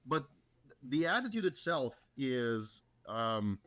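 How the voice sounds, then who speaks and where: A man with an ordinary mid-range voice speaks as a guest in a casual conversation. He picks his words slowly, stalls and repeats himself as he works out a point. The recording is dry, with no room sound. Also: medium pitch, big pitch swings, a bit bright, no room sound. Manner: measured, halting, repeats words while he thinks. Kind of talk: casual chat.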